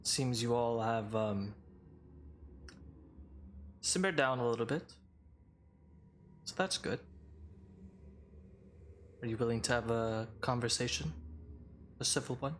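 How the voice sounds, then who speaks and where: A man voicing a cool, condescending drow woman who speaks in a measured way. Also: mid-range voice, a bit bright, slight background noise.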